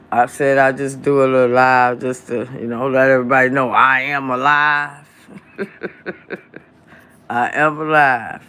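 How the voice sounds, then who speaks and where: Man, live stream host at home, phone mic, profane heated rant, slow drawl, bright tone. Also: medium pitch. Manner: heated, profanity-laden, drawn-out phrasing. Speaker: livestream host.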